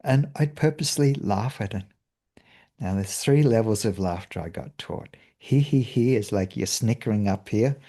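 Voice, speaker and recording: A man with an Australian accent, telling a lively story of laughing at his problems, then guiding a meditation in a soft, slow voice. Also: fairly low pitch. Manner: animated storyteller, bursts of laughter and put-on voices. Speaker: meditation guide. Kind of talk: talk and guided meditation.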